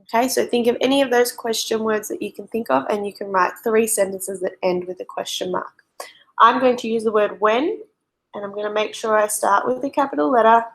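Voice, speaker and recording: Woman teacher, clear patient explaining for children, vocal fry. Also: on the high side. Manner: slow and clear, spelling out and explaining for young pupils. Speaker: primary school teacher. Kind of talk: recorded remote lesson for children.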